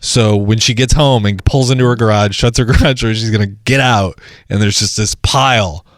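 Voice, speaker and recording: A man's voice: on the low side, normal speed, no echo, studio quality. A man co-hosting a podcast, telling stories casually and laughing often. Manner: animated storytelling, laughs often. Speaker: podcast co-host. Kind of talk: casual chat.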